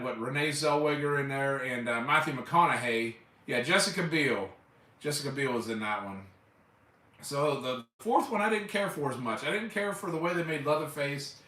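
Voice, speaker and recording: Casual chat from a rambling, enthusiastic live streamer: a man with a bright voice at medium pitch, throwing in loose swearing and fillers such as "man". The room echoes and the microphone is distant.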